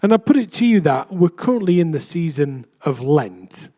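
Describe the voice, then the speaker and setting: A man's voice: fairly high pitch, big pitch swings, normal speed, mellow. A young adult man, a vicar, preaching a chatty, self-deprecating sermon in a church.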